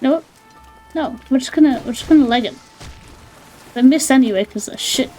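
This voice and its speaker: A woman streaming a video game, chatting casually, playful and quick to laugh. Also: high voice, mellow, faint music behind. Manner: playful, laughs often, apologizes in mock panic. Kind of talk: casual gaming commentary.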